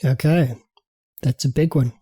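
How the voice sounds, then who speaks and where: A man with a mellow, slightly husky voice co-hosts a podcast in a casual, easygoing way, poking fun at himself. The sound is dry and close, with no room echo. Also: medium pitch, fairly even intonation, measured pace. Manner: easygoing, self-deprecating. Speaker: podcast co-host. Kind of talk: casual chat and show outro.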